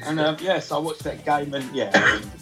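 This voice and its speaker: A man's voice: a little high, a little fast, loud music behind the voice, poor audio. A man, telling a football fan story casually and acting out his friends' lines. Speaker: celebrity football fan guest. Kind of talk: casual anecdote.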